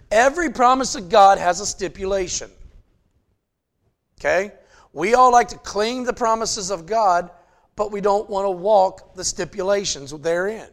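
A man preaching a sermon in a conversational way, checking in with "okay?" and building up to loud, emphatic passages. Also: high voice, measured pace. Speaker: pastor.

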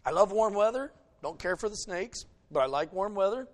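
A man from the American South preaches in a folksy, animated way, teasing the congregation between points. His voice sits high for a man. He swings from loud emphasis down to quiet storytelling. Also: moderate pace. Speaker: pastor. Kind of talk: sermon.

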